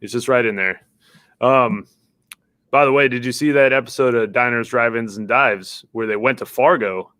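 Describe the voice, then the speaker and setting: A man's voice: medium pitch, moderate pace, bright, forceful tone, dry recording. A man, a teacher co-hosting a class vodcast, explaining history casually and checking in with tag questions.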